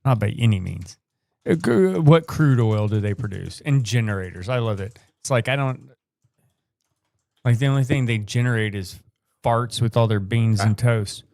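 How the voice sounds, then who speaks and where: A man's voice: medium pitch, normal speed, creaky, a little mellow, no room sound. An American man co-hosting a live podcast, rambling through opinions with casual swearing. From United States. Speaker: podcast co-host.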